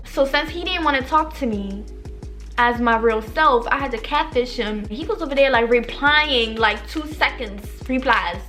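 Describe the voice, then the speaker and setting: Lively, high-voiced young woman telling stories. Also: normal speed, faint music behind. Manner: animated, profane, acts out quoted lines. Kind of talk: casual storytime monologue.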